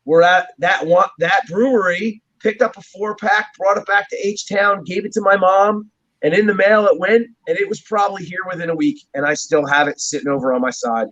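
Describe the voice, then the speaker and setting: A New Jersey drummer, guesting on a laid-back interview, talks in a high-pitched, slightly bright voice at a fairly quick clip, spinning rambling stories and chuckling a lot. The recording has a dull, muffled lo-fi sound.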